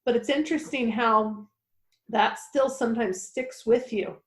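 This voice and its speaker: Give me a higher-pitched woman podcast host on a video call, reflective and halting, with an echoey room sound. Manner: reflective, halting, with fillers and restarts. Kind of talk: conversational podcast interview.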